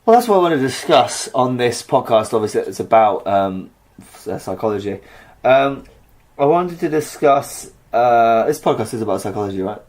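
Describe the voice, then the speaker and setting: This young podcast co-host has a mid-range, darkish voice and speaks at a normal speed in an animated way. He rambles through a story in casual chat, using fillers and restarting often.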